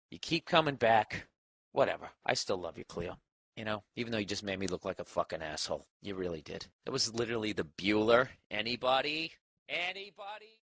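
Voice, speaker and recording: A man's voice: fairly low pitch, a bit bright, no room sound. Profane sarcastic man ranting, dry close mic. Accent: Boston. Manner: profane, sarcastic, talks to his dog. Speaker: comedian podcast host. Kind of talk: casual rambling rant. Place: home office.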